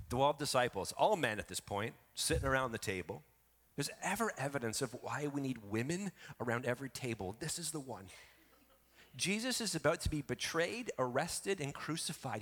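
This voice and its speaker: A male pastor preaching a sermon with emphatic delivery, swinging between quiet asides and loud, rising lines. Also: medium pitch. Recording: reverberant hall.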